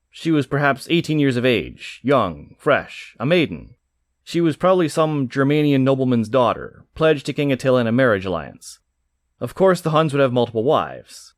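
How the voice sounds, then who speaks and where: A man narrating a comic novel aloud in an expressive reading. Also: medium pitch, dry recording, studio quality. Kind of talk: audiobook narration.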